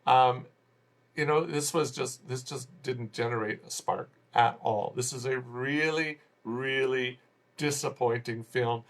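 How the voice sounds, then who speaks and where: A man's voice: mid-range voice, a little slow. Rambling, exasperated male film reviewer. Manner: rambling, exasperated, with many restarts. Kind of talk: casual spoken movie review.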